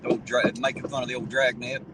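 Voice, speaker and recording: Middle-aged man, folksy rambling livestream chat, ordinary pitch, loud traffic noise outdoors. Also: level tone, quick pace. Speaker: livestream host reading chat. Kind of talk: casual chat.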